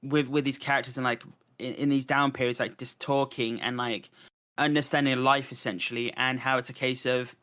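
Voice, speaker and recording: A man talks through a film review in loose, casual podcast chat, and his voice rings bright and forward. He rambles, circles back and restarts his sentences often, with plenty of fillers between thoughts. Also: medium pitch, level tone, a little fast. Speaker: podcast host.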